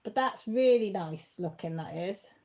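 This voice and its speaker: A woman hosting a craft live stream from home chats warmly and grows teary, nearly crying while thanking her viewers. Her voice is medium-pitched and expressive, and she takes her time.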